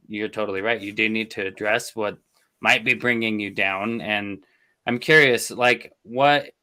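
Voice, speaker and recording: Low bright-voiced man host. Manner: rambling questions with many fillers. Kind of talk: casual interview chat.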